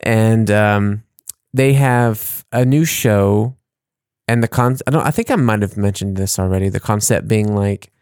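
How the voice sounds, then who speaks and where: A man's voice: on the low side, a little slow, darkish tone, clean tone, no room sound, studio quality. A man co-hosting a podcast in casual chat, rambling and laughing at his own jokes. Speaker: podcast co-host.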